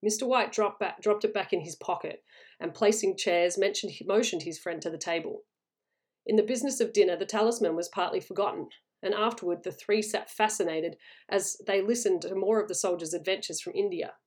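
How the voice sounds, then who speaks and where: A woman narrating a story in a steady, even read-aloud manner. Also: medium pitch, a little fast. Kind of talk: storybook reading.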